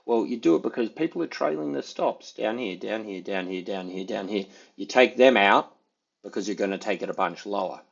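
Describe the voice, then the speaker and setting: A man's voice: lowish voice, fairly quick, gravelly, breathy edge, dull audio. A man giving casual, rambling market commentary, thinking aloud with many fillers as he talks through charts. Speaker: market analyst.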